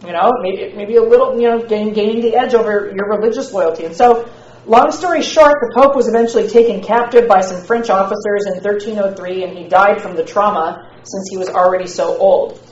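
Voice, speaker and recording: Woman teacher, casual and slangy lecture, mid-pitched, muffled echoey classroom recording. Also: fairly quick, a little mellow. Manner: chatty and slangy, with many fillers.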